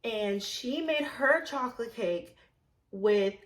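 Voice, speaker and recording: A young woman telling a story about a past job in a casual, blunt way, swearing freely and filling with "like", dropping low and quiet, then rising loud and indignant. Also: animated, slow. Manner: chatty, blunt, swears freely, many "like" fillers. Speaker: vlogger telling a work story.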